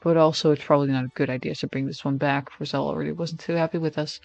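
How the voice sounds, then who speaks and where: A man's voice: on the high side, level tone, quick pace, creaky, hardly any pauses, dry recording, muffled recording, soft background music. A man streaming, reading a text game aloud in first person with casual, wry asides. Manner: casual, wry asides between narrated lines.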